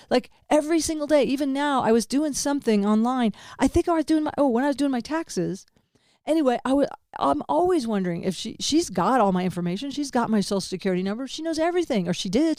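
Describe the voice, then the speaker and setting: A woman's voice: high voice, lively intonation, fast talker, a little mellow, no room sound. Candid rambling woman, dry close sound. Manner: rambling, candid, swings between laughter and grief; swears casually. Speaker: podcast host. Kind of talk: personal monologue.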